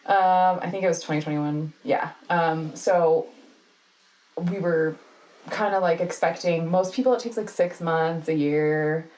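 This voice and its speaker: A woman in her thirties, a podcast co-host chatting casually, relaxed with wry interjections and hesitant fillers. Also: deep voice, measured pace, rough recording. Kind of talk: casual chat.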